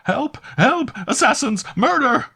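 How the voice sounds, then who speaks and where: A man's voice: on the high side, big pitch swings, a little fast, slightly rough, voice pushed up, full character voice. A man doing a shrieking old landlady. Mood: shrieking terror. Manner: shrieking in terror. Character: portly old landlady, shrill and panicky.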